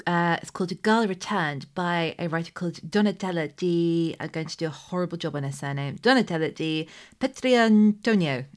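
A woman's voice: fairly low pitch, normal speed. A woman hosting a podcast, chatting casually and musing aloud, often trailing off mid-thought. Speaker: podcast host. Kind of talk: casual chat about books.

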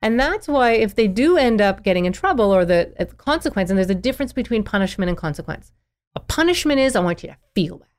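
A woman child therapist in a podcast interview, explaining parenting in an animated way and acting out parents and children. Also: a little high, quick pace.

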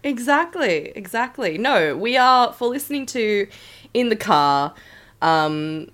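A woman co-hosting a casual podcast, very loud and excitable, breaking into shrieking laughter and swearing freely. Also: a little high, takes it slowly. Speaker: podcast co-host. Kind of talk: casual chat.

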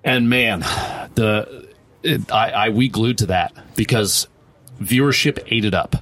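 A man's voice: fairly low pitch, measured pace, fairly bright tone. A man, a pro streamer, giving a long, rambling interview answer with many restarts and quoted asides. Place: event venue.

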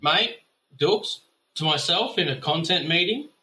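A man's voice: on the high side, animated, a little slow, sharp tone. An Australian man leaving a casual voicemail, swearing freely and ranting with mock anger. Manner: profane, blustering, mock-angry. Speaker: voicemail caller.

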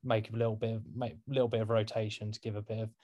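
A man's voice: fairly low pitch, little pitch movement, rapid-fire, a little mellow. A man guesting on a fan podcast, hesitant with fillers in casual football chat, often trailing off.

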